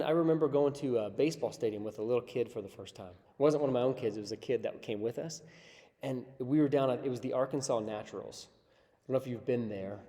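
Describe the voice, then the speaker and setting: A man leads a Bible study in a relaxed, conversational way and keeps asking his listeners if they are following. His voice is warm and mellow at a middle pitch. It carries a long hall reverb. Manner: casual, checks in with listeners.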